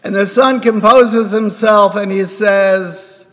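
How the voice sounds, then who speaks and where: Guy with a high voice giving a sermon, tells a story and does the lines himself, long hall echo. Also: fairly even intonation, slow, few pauses, fairly bright tone. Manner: tells a parable, voicing the characters' words himself. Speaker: rabbi giving a talk. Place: synagogue hall. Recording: reverberant hall.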